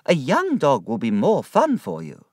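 A man's voice: on the high side, wildly swooping pitch, unhurried, darkish tone, no room sound, studio quality, pitched above the performer's own voice, heavily acted. A man voicing a caring, practical older aunt who speaks kindly and persuasively. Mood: coaxing.

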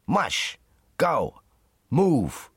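Cruel young sled driver, harsh and shouting, raised pitch, as a male narrator puts him on, storybook reading. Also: huge pitch swings, extremely slow, breathy edge, no room sound, studio quality, heavily acted. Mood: angry shouting.

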